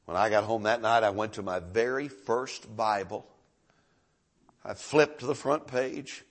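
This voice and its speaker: Middle-aged man, preacher, folksy sermon storyteller, husky tone, stumbling restarts. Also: on the low side, measured pace. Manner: folksy, repeats words, stammering restarts.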